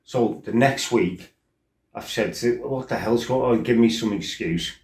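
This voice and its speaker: A middle-aged man who used to kickbox tells casual stories of his life, his mid-range voice slightly slow and darkish in tone. He's blunt and rambling, leaning on "you know" and "right?", with roomy echo in the recording.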